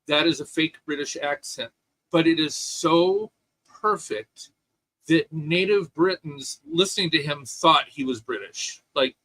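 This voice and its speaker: Bright, animated man co-hosting a chat. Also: on the high side, measured pace, dry recording, low-quality recording. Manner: opinionated, animated, with many restarts. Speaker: podcast co-host. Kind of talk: casual chat.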